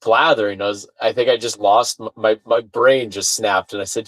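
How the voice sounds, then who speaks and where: Animated, swearing man on a call. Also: on the low side, moderate pace, no echo, rough recording. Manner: animated storyteller, swears, laughs at himself. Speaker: podcast guest. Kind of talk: casual chat. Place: remote call from his studio. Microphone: remote call mic, sounds far away.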